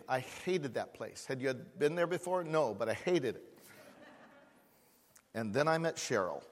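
A man preaching a sermon as a pastor, swinging from loud, emphatic repeated words to hushed, quiet asides. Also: mid-range voice, lively intonation, a little slow, long pauses, slight background noise. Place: church hall. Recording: long hall reverb in a church.

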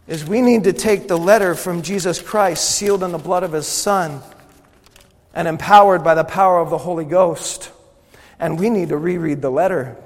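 A man preaching a sermon to a congregation in a church, with impassioned, emphatic delivery. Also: sits high. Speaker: pastor. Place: church sanctuary before a congregation. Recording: long hall reverb.

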